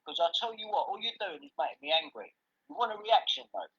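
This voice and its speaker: A man's voice: sits high, expressive, quick pace, breathy edge. A man ranting angrily on a livestream, swearing constantly and confrontational. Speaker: livestream host. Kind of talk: angry ranting chat. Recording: dull lo-fi sound.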